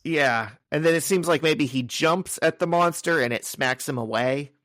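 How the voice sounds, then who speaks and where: The man's voice is fairly high and fairly bright, at a normal speed, on a dry, studio-quality recording. Co-hosting a podcast, he chats casually about a comic, going through its scenes in order while making crude jokes.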